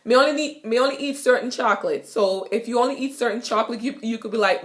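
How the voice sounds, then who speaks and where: A young Jamaican woman recording herself in her apartment, giving a casual lesson and repeating each phrase slowly. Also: on the high side. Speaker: language teacher vlogger. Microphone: self-recorded camera.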